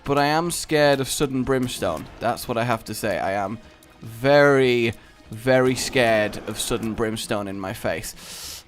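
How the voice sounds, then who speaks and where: A man's voice: mid-range voice, lively intonation, measured pace, faint music behind. A young man commenting on his own gameplay in a rambling, mock-dramatic, theatrical way. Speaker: gaming commentator.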